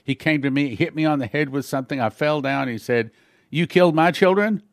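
A man's voice: mid-range voice, steady tone, fast, gravelly, dry recording, clean studio sound. A man giving an earnest spoken testimony in a sermon, telling his story plainly with small slips and acting out the voices of others. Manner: acts out dialogue with shifting voices.

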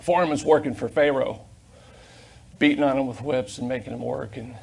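An older man preaching a sermon as pastor in a church, fervent, swinging between loud emphasis and quiet asides, on a corded mic. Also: mid-range voice, normal speed, gravelly, husky. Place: church sanctuary.

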